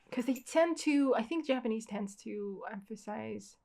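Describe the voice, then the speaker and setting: A woman's voice: a little high, creaky, darkish tone. A young woman hosting a manga read-along, chatting and reacting in a gushing, easily amused way. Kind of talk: casual reading and reaction.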